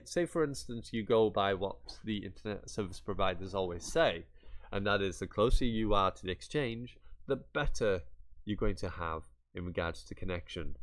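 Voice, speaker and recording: A man with a somewhat low voice walks viewers through a website in a casual screen-share tutorial. He talks in a chatty, rambling way and drops in mock-exasperated asides as he clicks around. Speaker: YouTuber.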